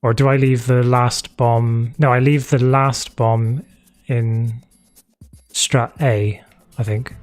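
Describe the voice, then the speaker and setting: A man's voice: mid-range voice, little pitch movement, slow pace, faint music behind. A man chatting casually while streaming a game, thinking aloud and trailing off. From England. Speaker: gamer streaming a playthrough. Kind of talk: casual gameplay commentary. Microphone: desk mic that keeps disconnecting.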